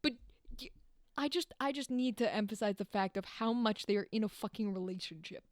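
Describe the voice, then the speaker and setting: A young woman hosting a casual podcast, animated and swearing freely as she acts out lines in playful voices. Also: medium pitch, fairly quick, no room sound, studio quality. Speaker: podcast host.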